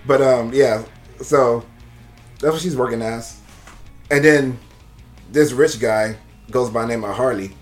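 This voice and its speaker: Male podcast co-host, mid pitch, loose rambling recap with faint guitar music underneath. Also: unhurried, long pauses. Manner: rambling, laughs often, swears casually. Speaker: podcast co-host reviewing a movie. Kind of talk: casual chat.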